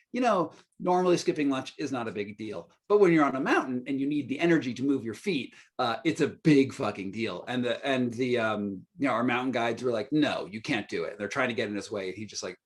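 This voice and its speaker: A man telling a story as a podcast guest, casual and profane, with laughing asides. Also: medium pitch. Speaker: guest author.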